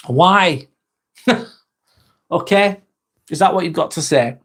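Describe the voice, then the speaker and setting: A man's voice: high-pitched, slow, pauses often, fairly bright tone, slightly rough. A man in his forties hosting a casual live stream, rambling and chatty as he reads out and answers viewer comments, with mild swearing. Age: 40s.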